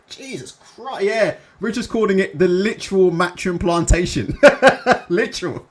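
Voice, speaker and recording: On his live stream, a young man reads chat comments and rants with lots of swearing, rambling along with fillers like "innit" and "yeah". His voice is high and animated, yet he speaks very slowly and pauses often.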